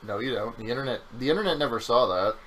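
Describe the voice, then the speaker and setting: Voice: medium pitch, expressive, fast talker, a bit bright, poor audio. Sassy, teasing game streamer. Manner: sassy, teasing, swears often. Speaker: game streamer playing through the game. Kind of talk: casual gameplay chat.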